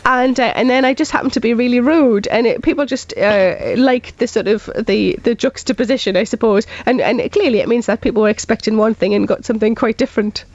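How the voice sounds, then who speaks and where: A woman's voice: on the high side, a little fast, hardly any pauses, a little mellow, dry recording, dull audio. A Geordie woman comedian chatting as a radio guest, self-mocking and laughing often. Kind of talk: casual radio interview chat.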